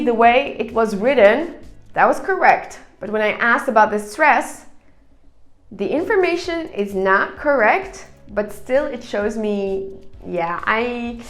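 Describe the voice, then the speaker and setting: A woman's voice: on the high side, animated, a little slow, fairly bright tone, echoey room, faint music behind. A woman teaching English online, explaining grammar step by step and reading answers aloud.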